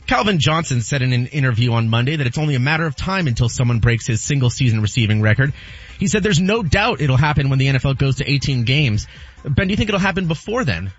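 Husky-voiced man reading sports news. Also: mid-range voice, big pitch swings, quick pace, soft background music. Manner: reads items, then puts questions to the host. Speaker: radio co-host reading news items. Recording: slightly dull broadcast audio.

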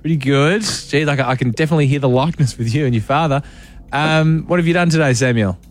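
A man's voice: fairly high pitch, fast talker. An Australian man hosting drive-time radio, teasing a caller in a playful way. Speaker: radio host. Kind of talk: breakfast radio banter.

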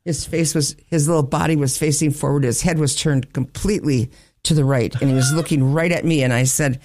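A man swaps stories in an easy, casual chat, acting out the voices of the people in them as he goes. His voice sits a little high for a man. The sound is dry and close, with no room echo. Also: brisk. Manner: animated storytelling, acts out quoted voices, laughs often. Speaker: storyteller in a chat.

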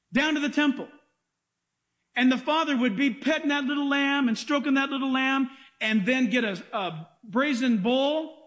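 High-voiced man preaching a lively sermon. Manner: animated preaching, acts out quotes in mocking voices. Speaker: pastor.

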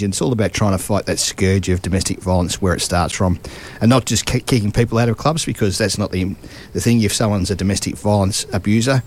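A man's voice: on the low side, darkish tone. A middle-aged Australian man chatting on radio as a footy correspondent, friendly and rambling, often chuckling. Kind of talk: casual radio chat. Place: radio studio. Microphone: studio microphone.

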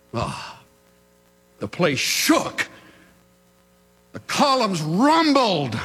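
A man preaching a sermon to a congregation in a large church, with a dramatic, drawn-out delivery that builds to shouting. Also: high voice. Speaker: pastor. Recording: hall reverb, faint music.

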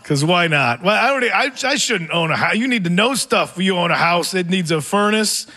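A man's voice: high-pitched, expressive, fairly quick, pushed and bright. A man in his forties performing a rambling, self-mocking stand-up set on a theater stage, often laughing through his lines. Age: 40s. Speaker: stand-up comedian. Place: theater stage before a live audience.

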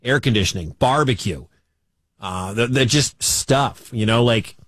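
A man's voice: medium pitch, measured pace, fairly bright tone, dry recording. An American man hosting a sports talk radio show, chatting loosely and animatedly with frequent restarts. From United States.

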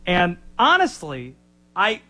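A man with a high voice co-hosts a sports talk show. He rambles and restarts his sentences, and gets excited when he talks up his teams. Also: slow pace. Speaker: sports radio co-host.

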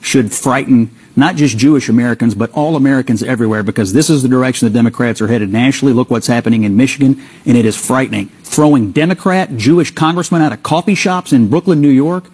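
A man's voice: mid-range voice, fast, few pauses, husky. A man giving argumentative commentary on a cable news panel. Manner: forceful, argumentative. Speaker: political commentator.

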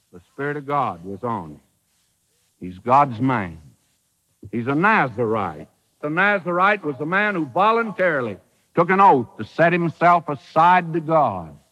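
A man's voice: on the high side, a bit bright, big-room sound, dull audio. A man preaching a sermon, emphatic, with rhetorical questions and dry humor.

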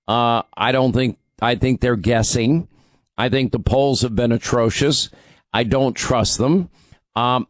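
A man hosting a radio talk show, hoarse from talking too much, rambling and restarting his sentences. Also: mid-range voice, no echo. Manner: rambling, self-interrupting, stammers on restarts. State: hoarse, strained voice from overuse. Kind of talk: casual talk radio monologue.

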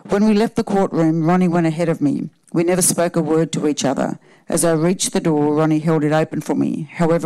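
A woman, a panel guest reading her own personal story aloud in a steady, measured way. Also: low voice, poor audio.

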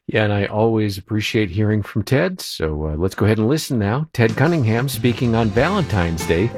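A man announcing and co-hosting a radio show in a measured style. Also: on the low side, expressive, music in the background. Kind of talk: announcer reading.

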